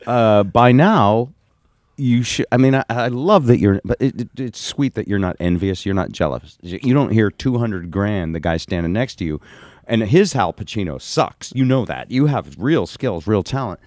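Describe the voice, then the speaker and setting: A man's voice: lowish voice, expressive, moderate pace, darkish tone, dry recording. A man hosting a radio show, teasing and probing his guest in casual studio chat. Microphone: studio microphone. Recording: dry studio sound.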